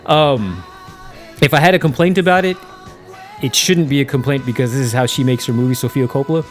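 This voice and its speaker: A man's voice: medium pitch, brisk, faint music behind. A man co-hosting a podcast in casual chat, blunt and profane, acting out quoted voices as he tells stories. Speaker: podcast co-host.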